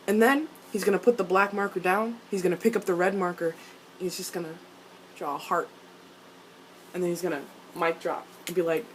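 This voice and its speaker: Excitable swearing woman fan vlogger. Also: normal speed, a little hiss or hum, poor audio. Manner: excited, swears often, jumps up in pitch and loudness. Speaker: vlogger reacting to a TV episode. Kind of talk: fan reaction rant.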